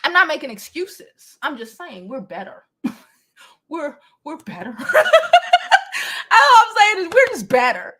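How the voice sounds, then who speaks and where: A young woman with a high voice hosts a casual livestream gossip show. She talks in an animated way, laughs a lot and swears freely as she chats with her viewers. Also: takes it slowly. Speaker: gossip and advice show host.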